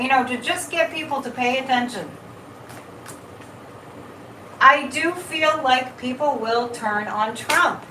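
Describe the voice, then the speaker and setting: A woman hosting a casual live stream as a psychic, talking in an animated way, repeating words and reading viewer comments. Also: sits high, moderate pace, hardly any pauses, background noise. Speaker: psychic livestream host. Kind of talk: casual livestream chat. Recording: echoey room, mic at a distance.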